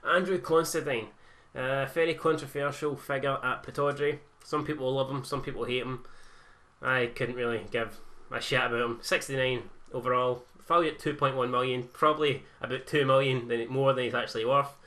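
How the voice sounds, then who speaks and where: A man's voice: medium pitch, fairly even intonation, normal speed, sharp tone. A young Scottish man giving casual, blunt and sweary commentary over a football video game, sarcastic in tone. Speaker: gaming YouTuber.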